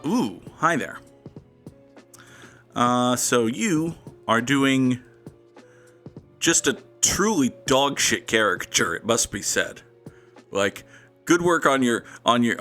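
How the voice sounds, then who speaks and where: A man's voice: mid-range voice, pushed and bright. Sarcastic rambling gaming host, man. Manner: sarcastic, rambling, self-mocking. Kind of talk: casual gameplay commentary.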